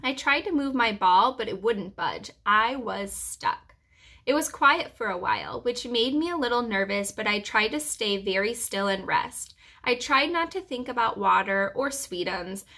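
A preschool teacher reading a chapter book aloud to children in a gentle, reassuring storyteller's manner. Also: female voice, fairly high pitch, expressive, a little slow.

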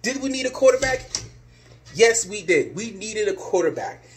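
Male vlogger, high-pitched, angry exasperated rant, repetitive insults. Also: animated, moderate pace, slight background noise. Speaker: sports fan vlogger. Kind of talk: ranting vlog.

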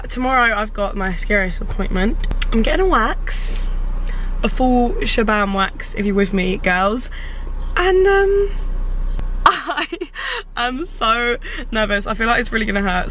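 A woman's voice: fairly high pitch, fairly bright tone, a little hiss or hum. A young woman, vlogging in a chatty, rambling and nervous way to her phone camera. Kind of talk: casual chat to camera.

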